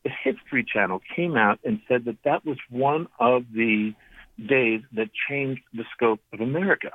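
A man in his fifties, a radio guest telling family stories in a lively, anecdotal way, often restarting his sentences. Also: medium pitch, moderate pace, no room sound. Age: 50s. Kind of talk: storytelling on a call-in interview. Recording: tinny phone line.

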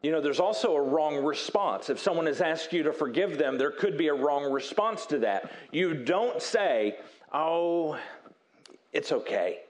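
A man preaching a sermon in an earnest, emphatic way with dramatic pauses, dropping to a soft voice when he acts out quoted apologies. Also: on the high side. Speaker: pastor.

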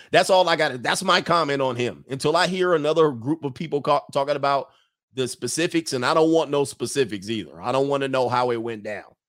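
A man's voice: mid-range voice, moderate pace, a bit bright. A man hosting a livestream, giving blunt, slang-heavy opinions on viewer comments and laughing between his points.

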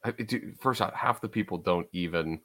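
Man, relaxed podcast co-host with a low-ish voice who swears and laughs through his stories. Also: moderate pace. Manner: casual, swears freely, laughs while talking. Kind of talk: casual chat.

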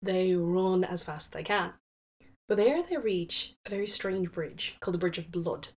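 A woman's voice: on the low side, normal speed. Give me a chatty woman retelling a folktale. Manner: chatty, with fillers and self-corrections. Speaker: storyteller.

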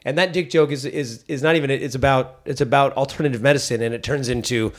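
Fast-talking animated comedian. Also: male voice. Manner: animated storyteller, acts out quotes with big pitch jumps. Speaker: comedian guest. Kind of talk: casual podcast chat.

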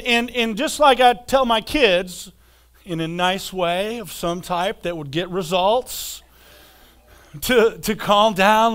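A man in his thirties preaching a sermon as pastor, animated and repeating words, acting out quoted voices. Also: high voice.

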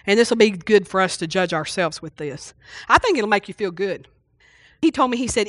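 A middle-aged woman pastor, preaching a folksy, animated sermon and acting out little exchanges. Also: medium pitch, fairly quick, no room sound.

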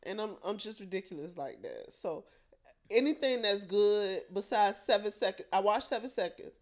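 Animated young woman telling stories. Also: mid-range voice, moderate pace. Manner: animated, laughing, profane storytelling. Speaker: podcast co-host. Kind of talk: casual chat.

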